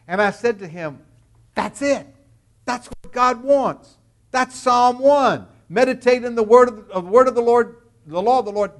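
A man preaching a sermon as pastor, emphatic and expressive, dropping into quick conversational asides. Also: high-pitched.

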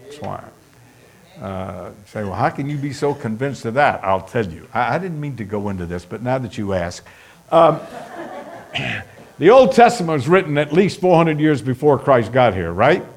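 A man's voice: mid-range voice, big pitch swings, normal speed, creaky. A man preaching a sermon, emphatic and repetitive, speeding up as he lists points. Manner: emphatic, repeats points for stress, speeds up when listing. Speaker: pastor.

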